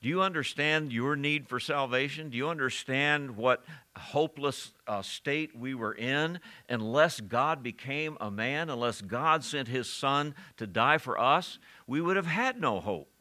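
Bright-voiced male preacher. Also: medium pitch, lively intonation, a little slow. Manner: asks the congregation questions and reads scripture aloud; chuckles often while preaching. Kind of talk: sermon.

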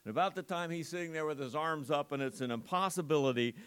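A man's voice: fairly high pitch, fast talker, fairly bright tone, smooth. Earnest man preaching a sermon. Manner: earnest, conversational preaching with frequent restarts. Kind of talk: sermon with scripture reading.

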